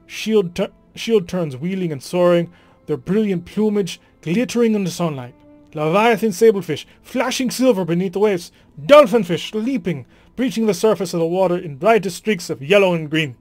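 A man voicing a game character who softly and lyrically describes a beautiful homeworld, in a let's play. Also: high voice, expressive, moderate pace, no echo, faint music behind. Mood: wistful.

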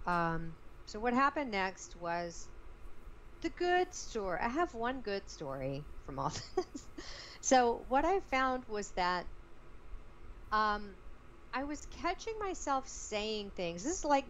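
A woman guest, an actress, tells a personal story in an interview in a lively, expressive way. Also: fairly high pitch, muffled recording, slight background noise.

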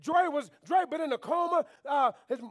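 A man. He builds to fervent shouts and falls back to quiet, intense lines. He keeps urging the pews to answer him. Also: extremely high pitch, moderate pace. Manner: preaching with call-and-response, swings between shouting and quiet. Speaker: pastor. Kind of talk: sermon. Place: church sanctuary.

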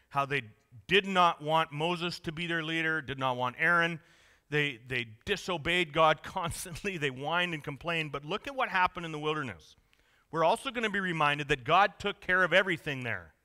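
A man's voice: a little high, sharp tone. A man preaching a conversational, joking sermon in a church. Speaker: pastor. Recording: long reverb of a church hall.

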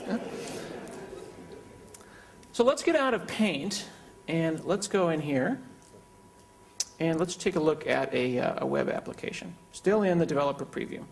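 Brief: male keynote speaker, live software demo, jokey and conversational, slightly higher-pitched voice. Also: animated, a little slow, gravelly, long pauses. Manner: joking, conversational.

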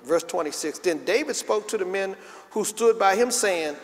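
High-voiced pastor preaching in a big hall. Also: male voice, animated, normal speed, a little hiss or hum. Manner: call-and-response preaching, rising to emphatic peaks. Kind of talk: sermon. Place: large church sanctuary with congregation. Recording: live church recording with reverb.

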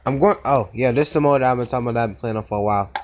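A man talks through mobile gameplay, quick to exclaim and groan at every try. The phone recording has clear background noise and tapping clicks. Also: medium pitch. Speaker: gaming YouTuber. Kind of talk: casual mobile gameplay commentary.

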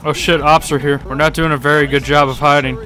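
A man's voice: a little high, little pitch movement, fast. A young man giving casual, sarcastic let's-play commentary, joking and swearing freely as he plays. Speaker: gaming YouTuber.

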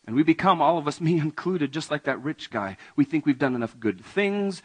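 A male pastor delivering a conversational sermon, often asking the congregation questions and swinging between raised emphasis and quiet asides. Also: a little high, big pitch swings, a little slow, pauses often, husky, rough recording. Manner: conversational, asks the audience questions.

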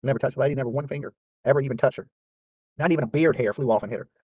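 A man's voice: medium pitch, rapid-fire, husky, dry recording. A man hosting his channel, ranting casually to viewers in a boastful, profane, trash-talking way. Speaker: YouTube channel host. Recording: dry, slightly dull lo-fi sound.

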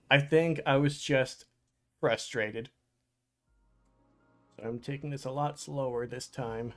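A man's voice: medium pitch, slow, pauses often, fairly bright tone, soft background music. A man giving casual let's play commentary as he plays, talking to himself with frustrated outbursts and exclamations. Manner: frustrated, exclamatory, talks to himself while playing. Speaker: gaming channel host.

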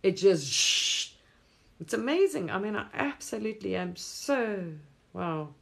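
A woman's voice: mid-range voice, expressive, measured pace, gravelly, fairly bright tone. A woman hosting a spiritual livestream, talking in a rambling, effusive way, often laughing and casually swearing.

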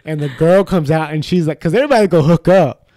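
Young male podcast co-host, lively storyteller, slightly high voice, dry close sound. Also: fast, no room sound. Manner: animated storyteller, acts out quotes in high voices, swears a lot. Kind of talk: casual storytelling chat.

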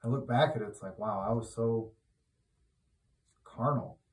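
A man giving an informal, conversational sermon who grows loud and emphatic when he exhorts. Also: medium pitch, measured pace. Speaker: preacher. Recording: roomy echo, mic at a distance.

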